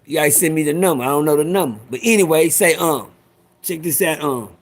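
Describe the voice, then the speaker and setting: A man's voice: on the high side, a little fast, a little hiss or hum. A middle-aged man telling a rambling, profane story to his live viewers, often breaking off to talk to them directly. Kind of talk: casual livestream storytelling.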